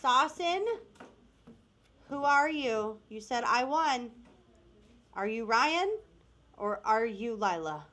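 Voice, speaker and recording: Bubbly high-voiced American woman. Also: expressive, slow pace, pauses often, a bit bright. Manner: bubbly, laughs often, squeals names of winners. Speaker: co-host of a live giveaway stream. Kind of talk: casual live-stream chat.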